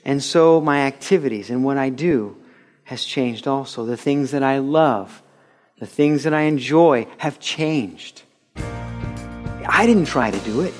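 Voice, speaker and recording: A pastor with a mid-range voice and measured pace delivers a sermon, telling stories and acting out quotes with animation. Faint music plays behind him on this radio broadcast of a recorded sermon.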